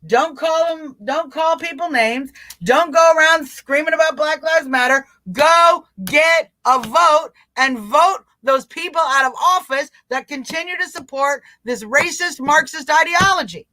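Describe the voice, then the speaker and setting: A woman hosting a live political talk stream, urging her viewers on with emphatic, repeated commands and quick mimicking asides. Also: sits high, sharp tone. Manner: emphatic, repetitive exhortation straight to viewers. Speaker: live-stream show host.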